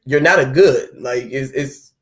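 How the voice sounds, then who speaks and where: This spiritual video host is a young man giving a casual talk on heartbreak, voicing the private thoughts of the heartbroken in a relaxed, chatty way. His mid-range voice is a little bright and moves a touch slowly.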